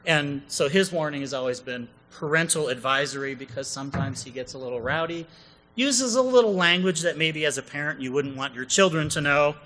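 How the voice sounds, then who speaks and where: A man's voice: fairly high pitch, fairly quick, sharp tone, rough recording. A man co-presenting a comedic conference session, chatty and jokey, often asking the audience questions.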